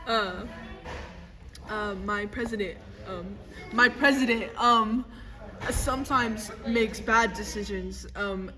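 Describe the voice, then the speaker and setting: A woman playing a flustered female vice president in a student mock news clip, halting and full of ums as she apologizes. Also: mid-range voice, sharp tone. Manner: halting, full of ums, giggling through lines. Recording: far from mic with crowd behind.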